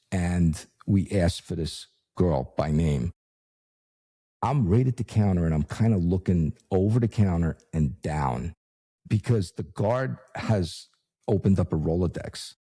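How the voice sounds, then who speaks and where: Brief: fifties ex-cop telling stories, very deep, dark and husky. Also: male voice. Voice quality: gravelly low voice. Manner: wry, anecdotal delivery. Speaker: former law enforcement officer. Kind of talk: storytelling interview.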